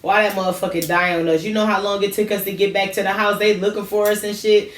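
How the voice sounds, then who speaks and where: A woman in casual chat, telling animated childhood stories full of slang. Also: mid-range voice, fast talker, a little hiss or hum. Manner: animated storytelling, heavy slang. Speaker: co-host. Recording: roomy, distant from the mic.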